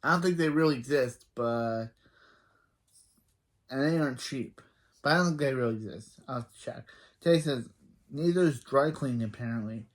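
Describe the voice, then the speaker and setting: A man casually retelling a sitcom episode for a reaction video, rambling and halting with frequent restarts. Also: medium pitch.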